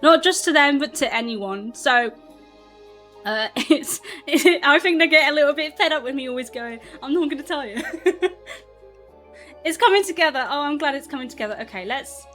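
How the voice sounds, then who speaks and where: A woman's voice: high-pitched, expressive, normal speed, a bit bright, faint music behind. A woman from southern England with a mixed British accent, chatting casually to her live chat while playing a game and laughing often. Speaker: streamer.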